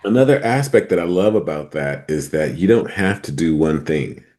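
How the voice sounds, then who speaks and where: A man's voice: deep voice, expressive, moderate pace, darkish tone. A man hosting a casual podcast chat, playful and laughing often. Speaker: podcast host.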